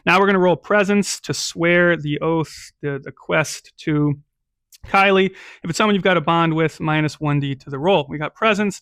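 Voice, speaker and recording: A man's voice: on the high side, a bit bright, no echo, clean studio sound. Casual male solo game master. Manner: casual, with frequent "right?" and "um". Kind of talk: solo tabletop game narration.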